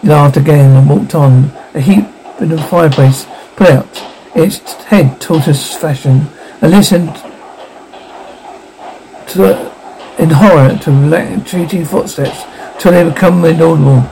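A man's voice: on the high side, measured pace, creaky, warm tone, a little hiss or hum, rough recording. A man narrating a ghost story aloud as an audiobook, giving the characters light voices of their own.

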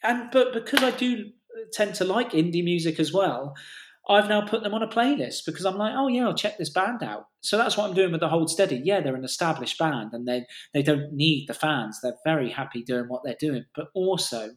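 A man's voice: a little high, lively intonation, a little fast, roomy sound. A man co-hosting a casual music podcast, talking enthusiastically and rambling with restarts and the odd swear. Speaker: podcast co-host.

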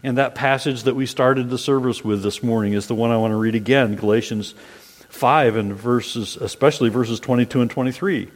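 A man's voice: medium pitch, fairly quick. A male pastor preaching a Sunday sermon in an earnest, repetitive preaching cadence. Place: church sanctuary. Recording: long hall reverb.

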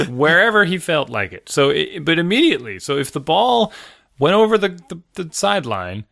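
A man's voice: fairly high pitch, very animated, normal speed, vocal fry, fairly bright tone, no echo, clean studio sound. A man who coaches youth soccer, chatting casually in a wry, rambling, joking way. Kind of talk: casual chat.

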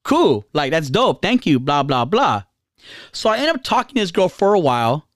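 A man hosting a casual podcast, telling a bar story in an animated way. His pitch leaps up whenever he acts out what other people said. The sound is close and dry, with no room echo. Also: normal speed. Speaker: podcast host.

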